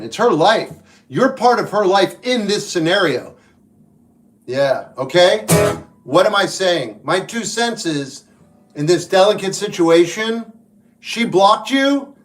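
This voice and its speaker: A man from New Jersey hosting a livestream, reading viewer comments and giving blunt, wry advice. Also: a little high. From New York / New Jersey. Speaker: livestream host and musician. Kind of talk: casual livestream chat answering viewers.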